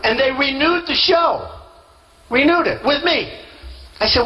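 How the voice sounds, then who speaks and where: A man's voice: extremely high pitch, expressive, measured pace, long pauses, pushed and bright, slight background noise, low-quality recording. A man giving a rally speech as a candidate, boastful and rambling, repeating himself and acting out quoted dialogue.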